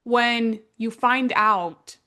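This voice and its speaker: Young woman co-host, higher voice, casual, eager and chatty. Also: drawn-out words, bright, forceful tone. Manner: chatty, eager agreement and asides. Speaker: podcast co-host. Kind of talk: casual chat.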